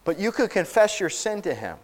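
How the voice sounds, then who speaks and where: A male pastor preaching a sermon, telling a Bible story with animated asides and acted-out lines. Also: high voice, fairly quick.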